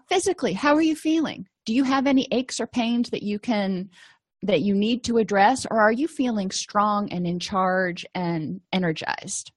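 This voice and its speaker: A woman's voice: medium pitch, no echo. A middle-aged woman counselor giving a conversational recorded lecture, explaining with everyday personal examples.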